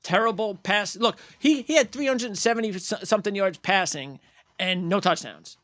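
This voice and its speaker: A man's voice: high voice, moderate pace, fairly bright tone, dry recording. A man hosting post-game sports commentary, ranting bluntly and heatedly, repeating his points and mocking fans in quoted voices. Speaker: sports channel host.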